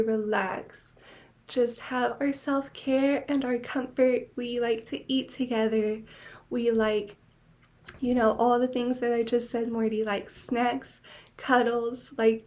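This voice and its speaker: Young woman host, bubbly casual monologue, a touch high-pitched, filler-heavy. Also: a little mellow. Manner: chatty, many "like" fillers, gushing. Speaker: podcast host.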